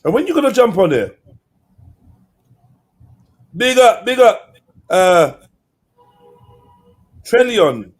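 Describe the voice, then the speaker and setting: A man, hosting a live stream and chatting casually with slang and shout-outs to viewers. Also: high-pitched, big pitch swings, slow pace, pauses often. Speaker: livestream host.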